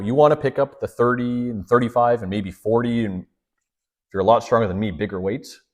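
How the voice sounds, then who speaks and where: A man's voice: mid-range voice, a little mellow. A man who is a priest, giving a storytelling lecture and acting out the dialogue in his stories.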